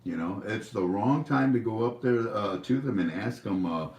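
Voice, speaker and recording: Rambling man with a lively voice. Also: fairly low pitch, moderate pace, dull audio. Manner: rambling, jokey, animated. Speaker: livestream host. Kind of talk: rambling casual commentary. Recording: echoey room, far from mic.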